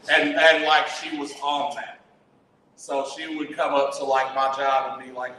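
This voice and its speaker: Male podcast regular, mid-pitched, of Haitian background, teasing banter, faint noise behind. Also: flat delivery, a little slow, bright, forceful tone. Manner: joking, teasing, drawls through stories. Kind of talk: casual crude banter. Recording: echoey room, mic far off, faint hiss.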